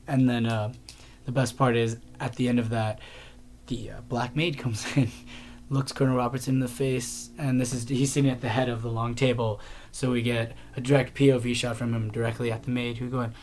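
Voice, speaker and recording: A man's voice: medium pitch, steady tone, moderate pace, darkish tone. A man hosting a casual TV review show, rambling through his thoughts with many fillers and restarts. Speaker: TV review podcast host.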